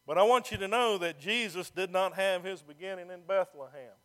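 A pastor preaches in a high, ringing voice. He builds phrases into emphatic calls and slows down to stress the words that matter. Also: a bit bright. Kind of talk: sermon.

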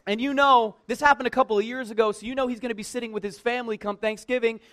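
High-voiced man telling a funny story. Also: fast. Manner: lively, conversational, heavy use of "like", self-mocking humor. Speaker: church worker telling a personal story. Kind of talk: casual personal storytelling.

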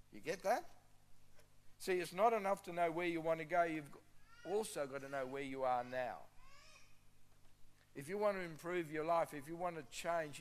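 Emphatic pastor, man preaching. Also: fairly high pitch. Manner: emphatic, repeats key phrases for stress. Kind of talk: sermon.

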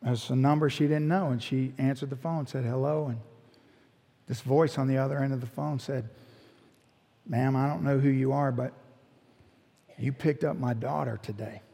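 A man's voice: medium pitch, moderate pace, creaky, long pauses, breathy edge. A middle-aged man, a pastor telling a story in a sermon and acting out the people in it. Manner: animated storyteller, voicing the people in his story. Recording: long hall reverb.

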